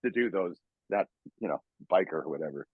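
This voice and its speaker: A man's voice: low-pitched, expressive, a little fast, slightly rough, no echo, phone-quality sound. An older man, a voice actor, telling casual stories in an interview, chuckling often and acting out voices. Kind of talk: casual anecdotal storytelling.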